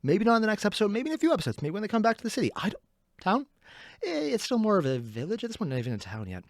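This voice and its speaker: A man's voice: high-pitched, huge pitch swings, very fast, no echo, studio quality. A man hosting an anime reaction channel, giving casual, enthusiastic commentary and chatty analysis.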